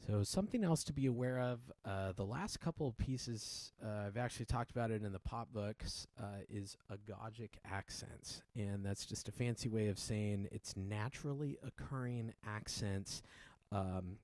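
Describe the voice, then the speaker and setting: A man teaching a piano piece in a relaxed, explanatory way, with many fillers and restarts. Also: fairly low pitch, normal speed, no echo. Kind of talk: casual spoken tutorial. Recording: piano playing loudly behind. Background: loud piano playing.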